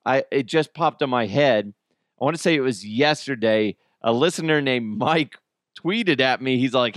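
A man hosting a solo podcast, telling stories in a lively way and laughing often. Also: mid-range voice, normal speed, dry recording, studio quality. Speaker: podcast host.

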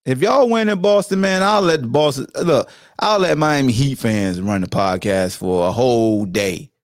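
Hosting a podcast, a man talks sports loosely and playfully, teasing rival fans with animated trash talk. His voice is medium-pitched at a moderate pace, captured in studio quality with no echo.

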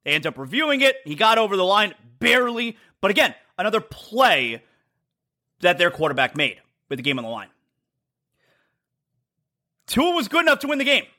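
A man's voice: high-pitched, sing-song, moderate pace, pauses often, bright, forceful tone. A man hosting a sports talk show, delivering an emphatic, blunt monologue that repeats its points and mocks rival teams. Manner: emphatic, repetitive, blunt and mocking.

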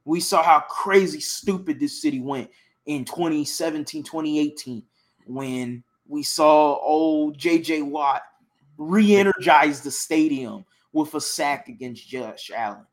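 A young man from Houston co-hosting a casual sports chat, passionate and excitable, often repeating himself. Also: on the high side, measured pace. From Houston, Texas. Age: young adult. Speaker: sports podcast co-host.

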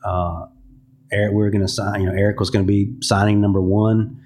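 A man's voice: fairly low pitch, little pitch movement, fairly quick, darkish tone. A man, a music publisher, giving a podcast interview and telling candid stories, acting out what people said to him. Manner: candid storytelling, acts out quoted dialogue.

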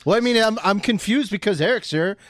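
A man's voice: high voice, brisk, fairly bright tone. A man in his thirties co-hosting a casual podcast, firing off sarcastic retorts. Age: 30s.

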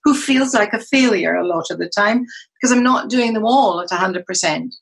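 A woman's voice: medium pitch, a little fast, vocal fry, rough recording. A middle-aged woman, a psychologist and coach, speaking as a podcast guest and acting out the dialogue she quotes as she tells stories. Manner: animated storyteller who acts out quoted dialogue.

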